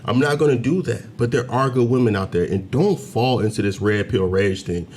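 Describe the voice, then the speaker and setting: A man talking straight to the camera in a commentary video, emphatic and preachy, climbing to loud, heated peaks as he argues. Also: medium pitch, moderate pace, a little hiss or hum. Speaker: commentary channel host. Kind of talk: direct-to-camera commentary rant. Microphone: camera mic, facing camera.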